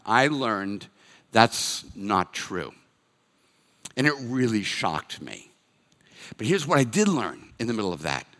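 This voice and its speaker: A man in his sixties, a pastor from Massachusetts, preaching in a candid, self-deprecating, conversational way that swings between emphatic and quiet. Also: mid-range voice. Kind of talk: conversational sermon. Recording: long reverb of a hall.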